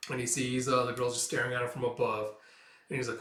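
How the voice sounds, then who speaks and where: A man in a casual comic read-through, rambling along with constant fillers, in a mid-pitched voice. He sits away from the mic in a roomy, echoing space. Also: flat delivery, fast talker, a bit bright. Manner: rambling, filler-heavy retelling. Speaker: reader. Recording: roomy echo, mic far off.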